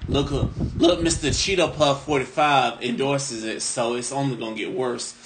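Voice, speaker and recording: A man's voice: mid-range voice, steady tone, normal speed. A man, co-hosting a casual podcast and ranting with heavy profanity, who keeps asking "you know what I'm saying.". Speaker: podcast co-host.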